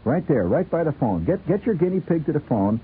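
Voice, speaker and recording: A man's voice: fairly high pitch, very animated, brisk, breathy edge. Rambling man on tinny old radio. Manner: rambling, chuckling, playful. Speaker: radio host. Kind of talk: late-night radio chat.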